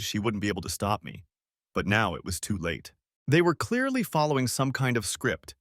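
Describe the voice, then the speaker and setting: Man narrating a story with lively intonation. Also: mid-range voice, no echo, clean studio sound. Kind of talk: first-person audiobook narration.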